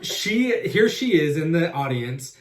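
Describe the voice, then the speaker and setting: A man's voice: a little high, very animated, slow. A man, co-hosting a casual podcast, introducing segments and teasing his partner. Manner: playful, teasing, leads the segments. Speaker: podcast co-host. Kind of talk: casual chat. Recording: echoey room, mic at a distance.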